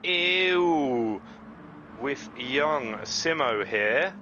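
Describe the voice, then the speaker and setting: A man commentating on an online racing league in a casual, chatty way. He is self-deprecating and breaks into excited exclamations as the cars battle. The recording carries clear background noise with game engine sounds behind him. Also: mid-range voice, drawn-out words, lo-fi sound. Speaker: race commentator.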